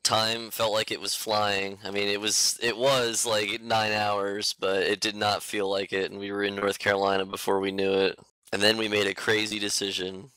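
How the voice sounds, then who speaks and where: A man's voice: lowish voice, flat delivery, moderate pace, bright, forceful tone, clear, resonant tone, no room sound, low-quality recording. A man chatting casually on a podcast, adding dry, wry remarks. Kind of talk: casual chat.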